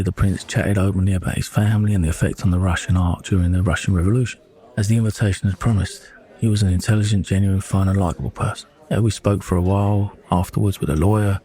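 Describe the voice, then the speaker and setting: Husky low-voiced man telling stories. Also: mellow. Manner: candid, rambling, swears casually. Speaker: narrator of own experiences. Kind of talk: casual storytelling narration.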